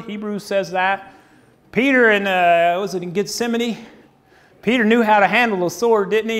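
A man's voice: sits high, fairly bright tone. A man preaching a conversational sermon, acting out quoted voices as he goes.

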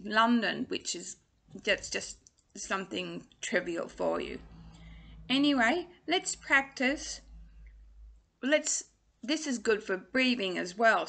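A woman's voice: fairly high pitch, pushed and bright. A woman, giving a casual singing lesson in a chatty, playful way. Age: 60s. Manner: chatty and playful, drawing out drills. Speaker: singing teacher.

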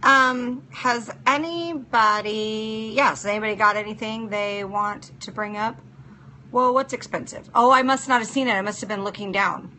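A woman's voice: on the high side, steady tone, moderate pace, pushed and bright, slight background noise. A woman hosting a casual live-stream chat as a nail technician, practical and chatty, answering viewers by name. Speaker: nail technician and show host.

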